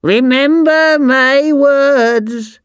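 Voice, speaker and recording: A man voicing an angry old woman of the forest, a witch, with a slow, shrill, menacing delivery. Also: fairly bright tone, no room sound, studio quality, exaggerated voice. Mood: shrieking.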